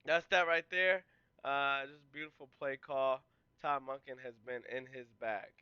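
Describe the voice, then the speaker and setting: A man hosting a podcast, casually breaking down game film and walking through each play in a relaxed, conversational way. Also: medium pitch, measured pace, clean tone, no echo, highs cut off. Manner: excitable, yells and cheers at big plays; explains plays in a relaxed, conversational way.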